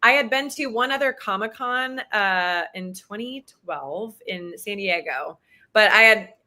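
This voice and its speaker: A woman's voice: mid-range voice, measured pace, bright, forceful tone. A woman in her thirties, a guest actress chatting enthusiastically in an interview, with lots of fillers. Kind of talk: casual interview chat.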